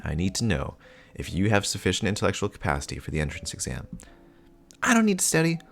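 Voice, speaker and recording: A man voicing an excitable little girl in a comic reading with voices, squealing high and childish. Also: fast, vocal fry, faint music behind, heavily acted. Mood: whiny.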